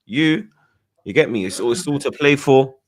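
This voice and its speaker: A man in casual football banter, teasing and slangy, shouting out viewers from the chat. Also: mid-range voice, expressive, normal speed. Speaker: football fan panelist.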